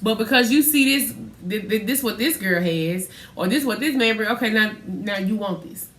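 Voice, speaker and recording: Woman, bright forceful voice, animated storytelling, echoey room. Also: mid-range voice, normal speed, far from the mic. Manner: animated storytelling, acts out quotes loudly. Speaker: podcast co-host. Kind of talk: casual faith podcast chat.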